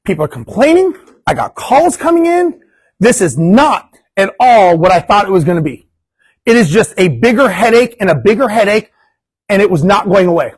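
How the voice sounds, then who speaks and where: A high, lively man's voice that tells a story to a meeting-room audience and acts out each part of the dialogue. The sound is husky and close, with a dry room that has little echo, and he curses casually as he goes. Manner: animated, acts out quoted dialogue, swears casually. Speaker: guest speaker at investor meetup. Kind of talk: storytelling talk to a live audience.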